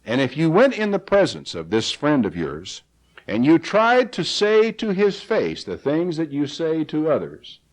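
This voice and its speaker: A man's voice: mid-range voice, a little mellow, low-quality recording. A man preaching a sermon in an earnest, plain way. He reads scripture aloud and rises to pleading cries in a recording from the 1980s.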